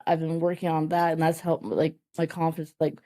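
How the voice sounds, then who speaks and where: Mellow-voiced woman in her thirties, halting. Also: low-pitched, level tone. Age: 30s. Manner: halting, full of "like" and restarts. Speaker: podcast guest. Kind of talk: candid conversational interview.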